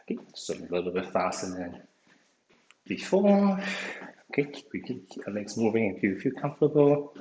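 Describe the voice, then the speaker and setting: This man's voice is lowish and dark, with a sing-song lilt and a moderate pace. He's coaching an online workout over a video call, a little winded, cheering people on and repeating "okay" nonstop, while the room echoes and faint noise lingers.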